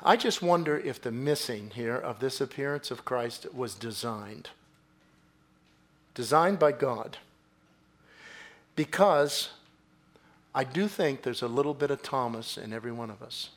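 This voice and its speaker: A man preaching a sermon in a church, swinging from quiet, low phrases to loud, excited bursts. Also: measured pace, pauses often. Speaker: pastor.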